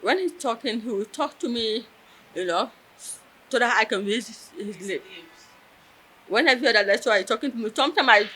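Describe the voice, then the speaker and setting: Earnest woman, bright voice. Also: a little high, a little hiss or hum. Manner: earnest, heartfelt, pauses and restarts. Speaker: interviewee, deaf artist. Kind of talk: personal storytelling in an interview.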